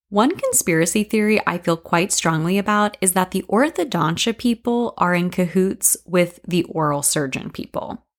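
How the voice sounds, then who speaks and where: A woman reads her own scripted memoir stories as a podcast host, with dry, deadpan humor. Her voice sits somewhat low for a woman.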